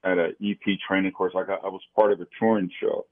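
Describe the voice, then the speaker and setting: A man with a very deep voice, heard over a thin, phone-like line. He talks easily and unhurriedly about his work, with short, agreeable replies between longer stories. The voice is low and relaxed. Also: quick pace. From Kansas City. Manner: easygoing, brief agreeing replies. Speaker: security consultant guest. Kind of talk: casual interview chat.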